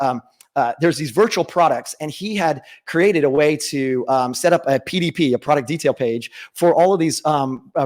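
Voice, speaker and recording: A middle-aged man giving a conference talk with a personal story, earnest and full of restarts and fillers, into a stage microphone. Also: on the high side. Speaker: conference speaker.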